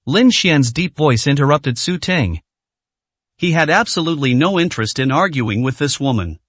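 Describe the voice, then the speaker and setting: A man reads a dramatic story aloud in a scripted narration, voicing every part himself. His voice sits a little high and moves about a lot in pitch. The sound is dry and close, with no room echo. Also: expressive, moderate pace, a bit bright.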